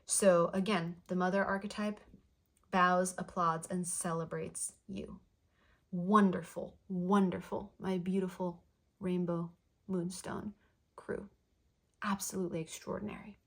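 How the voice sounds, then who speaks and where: A woman giving a channeled tarot card reading in a soft, flowing way, affirming the listener and repeating phrases. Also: on the low side, little pitch movement, measured pace. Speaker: tarot reader.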